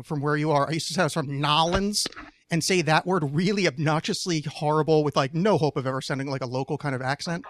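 A man's voice: fairly high pitch, fairly bright tone, dry recording, studio quality. A man from New Jersey hosting a casual podcast chat, rambling and profane, stammering through many restarts. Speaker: podcast host.

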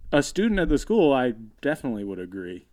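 A man's voice: mid-range voice, quick pace. A man co-hosting a podcast in casual chat, laughing often and chiming in. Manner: laughs often, lively interjections. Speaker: podcast co-host.

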